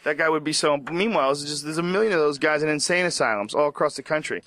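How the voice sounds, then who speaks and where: A man's voice: fairly high pitch, quick pace, fairly bright tone, no echo. A man in casual podcast chat, riffing with profane comic exaggeration. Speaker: podcast talker. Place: podcast studio.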